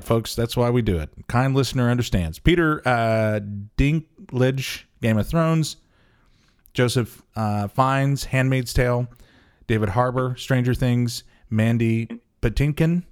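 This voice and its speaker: A man's voice: mid-range voice, a little mellow, clear, resonant tone. Regular guy voice, laid back, lots of ums and uhs, casual co-host. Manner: easygoing, fills pauses with "uh" and "um". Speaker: podcast co-host. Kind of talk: casual chat.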